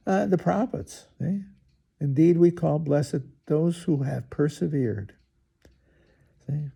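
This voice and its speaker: A priest in his eighties gives a relaxed homily, breaking off from the reading for folksy, chatty asides. His voice is dark and mellow, with a heavy gravelly fry. The tone is very husky throughout. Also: on the high side. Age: 80s. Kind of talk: informal homily with scripture reading.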